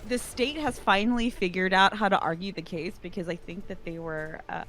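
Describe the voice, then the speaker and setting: A woman's voice: on the low side, fairly quick, a bit bright, a little hiss or hum. A woman chatting casually on a stream, teasing and cutting in often.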